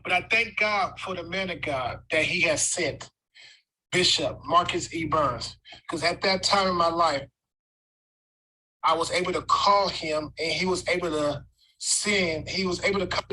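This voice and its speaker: A man's voice: fairly high pitch, measured pace, pushed and bright, poor audio. A man giving an emotional personal testimony as a guest speaker, repeating words for emphasis.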